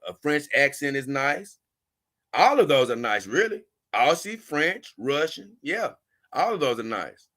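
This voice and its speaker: Guy on a livestream reading chat, bright punchy voice, rambly and laid back. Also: on the high side, big pitch swings, a little slow. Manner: loose, rambling, chuckling asides. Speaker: livestream host. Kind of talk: casual livestream chat reading viewer comments.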